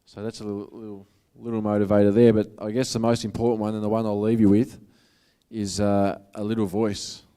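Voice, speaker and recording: A man with an Australian accent speaks as a motivational speaker in a casual, earnest way. His voice sits fairly low and sounds smooth and resonant. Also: level tone, a little fast, mellow. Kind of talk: public talk to an audience.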